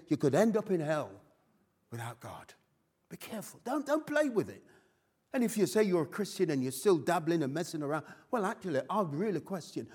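An older man preaches with real feeling, his voice husky and dark-toned. He climbs to loud, urgent exhortations and then drops to near-whispered asides. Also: a little high. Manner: emotional, rising and falling between loud exhortation and hushed asides. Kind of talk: sermon.

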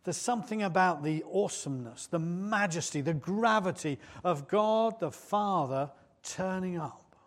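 A man's voice: high-pitched, expressive, measured pace. A man preaching a sermon in church, conversational and often putting questions to the congregation.

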